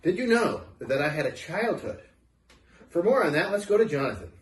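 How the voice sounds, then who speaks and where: A male host reading aloud in a comic show, dropping deadpan asides. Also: a little high, brisk, recorded from a distance. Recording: roomy echo.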